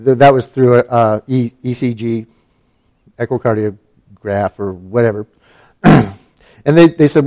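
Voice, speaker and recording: A man's voice: mid-range voice, measured pace, long pauses, dark tone. A middle-aged man from Alaska telling a personal story in a casual, wry and self-mocking way, with plenty of fillers and restarts.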